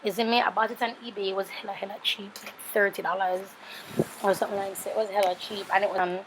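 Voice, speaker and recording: Tired and sleepy, a woman in her thirties with a Jamaican accent gives a casual voice-over for her makeup tutorial, full of meandering asides to viewers. She talks fast at a medium pitch with little pitch movement, over a noisy background.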